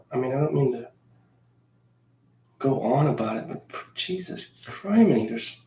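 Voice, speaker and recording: A man's voice: medium pitch, darkish tone, reverberant. A man chatting casually as he paints miniatures, grumbling and making fun of himself. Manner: grumbling, self-mocking complaints; talks in a coaxing sing-song to his cat. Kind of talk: casual chat while painting.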